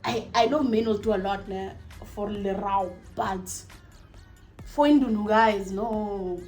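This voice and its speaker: A young South African woman tells a story to camera in a casual vlog. She is animated and exclaiming, swearing freely and saying "like" a lot, at a middle pitch, with faint music underneath. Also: takes it slowly.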